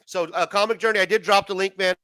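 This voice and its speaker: A man's voice: high-pitched, fairly even intonation, fast, bright, forceful tone, no room sound. A man hosting a casual livestream, reading chat comments aloud with profane, laughing banter. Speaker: livestream host.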